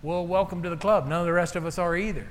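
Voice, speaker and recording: A man's voice: sits high, fairly even intonation, fast, slight background noise. A man preaching a folksy, joking sermon in a church, half-singing song lyrics. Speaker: pastor. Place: church sanctuary. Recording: echoey church hall with faint ambience.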